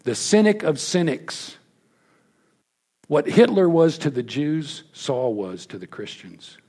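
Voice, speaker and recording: A man preaching a sermon, telling the story emphatically and dropping to hushed lows. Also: animated, measured pace, husky.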